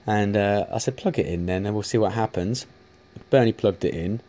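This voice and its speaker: A man's voice: on the low side, moderate pace, dark tone, a little hiss or hum. A man chatting casually to camera, rambling with many restarts and casual swearing. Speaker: vlogger showing arcade machines.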